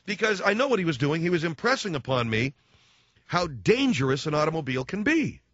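A man's voice: on the high side, big pitch swings, brisk, a bit bright, dry recording. A man in his forties delivering a rambling, self-mocking comedic monologue as a radio host. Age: 40s. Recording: slightly dull lo-fi recording.

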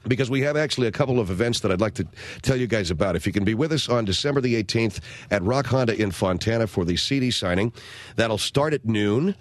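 Radio talk show guy, rambly storyteller, middle pitch, dry close studio mic. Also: dry recording. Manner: rambling storyteller, acts out quotes in a higher voice. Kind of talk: casual radio chat and announcements.

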